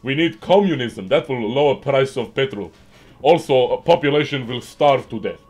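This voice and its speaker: Guy doing a gruff strongman bit, blunt and clipped, voice sounds kinda different from his usual. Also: medium pitch, expressive, moderate pace, a little mellow, faint music behind. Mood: deadpan.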